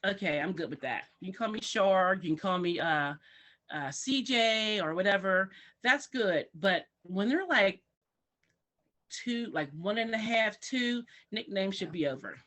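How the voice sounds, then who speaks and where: A woman's voice: medium pitch, measured pace. A woman who works in early childhood education, speaking as a guest on a talk show and acting out parents and children in exaggerated voices. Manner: animated, acts out parents and kids in exaggerated voices.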